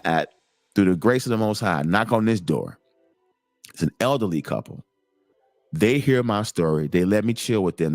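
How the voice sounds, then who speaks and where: A middle-aged man hosting a show, telling a personal story in a casual, animated, digressive way. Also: fairly low pitch, no echo. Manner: animated, digressive, lots of repeated starts. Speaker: host.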